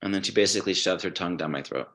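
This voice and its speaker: Low-voiced man telling relaxed stories. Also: rapid-fire. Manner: relaxed storytelling, swears casually. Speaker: guest musician. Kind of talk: casual podcast chat.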